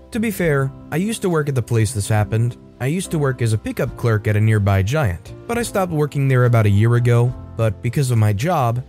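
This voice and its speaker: Storytime host: man, mid-pitched, steady read, faint music under. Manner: steady, even reading. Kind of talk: scripted story narration.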